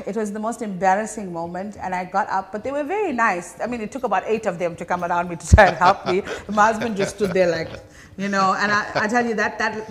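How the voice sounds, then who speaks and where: Chatty South African Indian woman. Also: mid-range voice. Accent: South African Indian English. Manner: animated, chatty storytelling with frequent fillers. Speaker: comedian guest. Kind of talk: casual interview chat.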